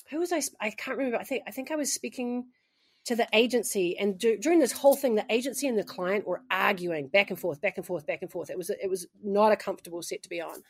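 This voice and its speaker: A woman from New Zealand with a New Zealand accent, a guest telling animated stories in a casual interview, with frequent restarts. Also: fairly high pitch, a little fast. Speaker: guest, actress and author.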